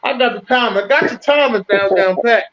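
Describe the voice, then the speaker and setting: Man, very high voice, loud, profane, teasing, podcast sports debate, dull lo-fi sound. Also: brisk. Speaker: podcast co-host. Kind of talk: heated casual sports debate. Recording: dull lo-fi audio.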